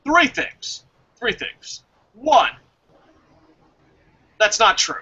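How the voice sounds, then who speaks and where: Guy with a very high sharp voice, swearing and ranting on a podcast, lo-fi audio. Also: very slow, breathy edge. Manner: profane, ranting, animated. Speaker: podcast co-host. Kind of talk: casual wrestling chat. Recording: dull lo-fi audio.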